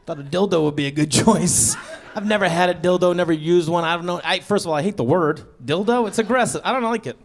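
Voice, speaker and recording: Performing stand-up on a comedy stage for a live crowd, this man speaks fast in a voice that sits high. He tells his story in a sheepish, awkward way, breaking into exasperated bursts.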